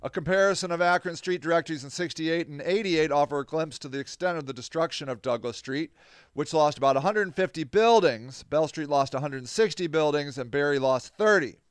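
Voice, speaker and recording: A man's voice: on the high side, a little fast, smooth, no room sound, clean studio sound. Emphatic man hosting a podcast. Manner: reads news aloud then comments, informal and emphatic. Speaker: podcast host. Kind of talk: casual podcast monologue.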